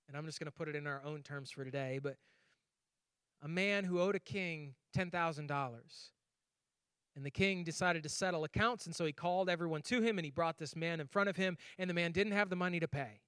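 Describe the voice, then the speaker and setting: A man's voice: a little high, brisk, fairly bright tone, smooth, dry recording, clean studio sound. A man preaching a sermon as pastor, telling stories animatedly with acted voices and laughs.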